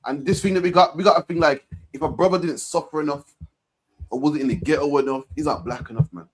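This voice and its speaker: A man preaches on the street in a lively, conversational way. He fires off rhetorical questions and closes his lines with "man". His voice sits slightly high. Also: quick pace, breathy edge, low-quality recording.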